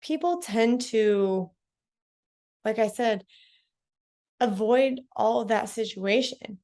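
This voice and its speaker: Direct woman with a gravelly edge. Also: on the high side, slow, a little mellow. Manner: direct, conversational, self-reflective. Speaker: vlogger. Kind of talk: casual advice talk to camera.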